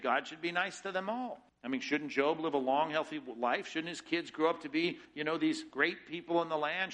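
A man's voice: on the high side, bright, forceful tone, poor audio. A middle-aged man preaching a sermon as pastor, teaching with emphatic rhetorical questions.

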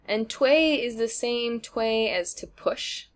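A young woman co-hosting a podcast in casual chat, chatty and quick to laugh, often trailing off mid-sentence. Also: fairly high pitch. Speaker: podcast co-host.

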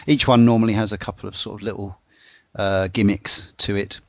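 A man in a casual podcast discussion, talking in a relaxed, rambling way with lots of "uh" fillers. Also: lowish voice, fairly quick, vocal fry, no echo, highs cut off. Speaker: podcast panelist walking through game bosses.

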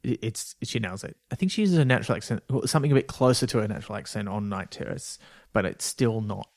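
A man's voice: on the low side, quick pace, creaky, a little mellow, no echo, studio quality. A man co-hosting a podcast, chatting casually and rambling a bit with fillers. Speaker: podcast co-host, writer of a radio series.

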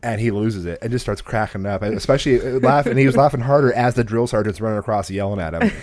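A man's voice: fairly low pitch, fast talker, a little mellow, dry recording. A young man hosting a podcast in casual chat, rambling and laughing, with frequent restarts. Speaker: podcast host. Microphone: podcast microphone.

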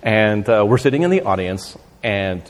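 A man telling a story as a podcast guest, animated and laughing, acting out shouted quotes. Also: lowish voice, normal speed, big-room sound. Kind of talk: casual storytelling.

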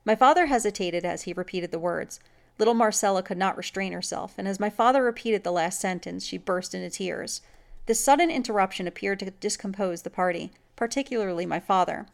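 A woman narrating a classic folk tale aloud in a measured, even storytelling manner. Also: medium pitch, gravelly. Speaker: story reader.

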